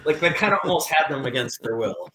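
A man's voice: on the high side, sing-song, fast, sharp tone, echoey room. A middle-aged man, a guest telling stories in casual radio chat with dry, self-deprecating humor. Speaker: guest writer.

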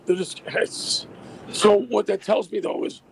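A hoarse man, an athletic director, calling in by phone to a radio show from outdoors. He chats casually and often restarts his sentences. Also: high voice, steady tone, measured pace, slight background noise. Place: outdoors by a busy street.

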